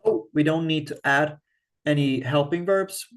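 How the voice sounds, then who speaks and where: Slow, patient male language teacher. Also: fairly high pitch. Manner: thinks aloud, slow and patient, frequent restarts. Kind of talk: screen-share grammar lesson.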